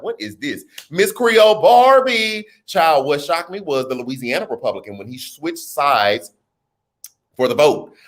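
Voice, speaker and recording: An animated man hosts a casual live stream, his voice bouncing high and low as he riffs on viewer comments. He talks in relaxed slang and often breaks into laughter, and his voice sits a little higher than most men's. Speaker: livestream host.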